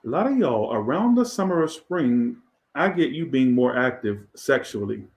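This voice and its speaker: A man's voice: medium pitch, very animated, normal speed, reverberant. Crude, rambling man reading tarot. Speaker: tarot reader.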